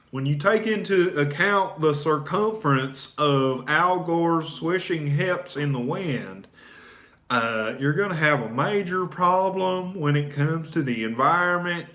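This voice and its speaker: A man's voice: on the high side, a bit bright. A male comedian hosting a show, delivering a sarcastic, rambling political rant full of fillers. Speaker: comedian host.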